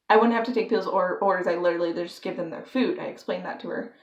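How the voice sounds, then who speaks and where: A woman's voice: lowish voice, quick pace, muffled recording. A young woman telling a story on her vlog, rambling and filling her talk with "like.". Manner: rambling, filler-heavy with constant "like". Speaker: vlogger.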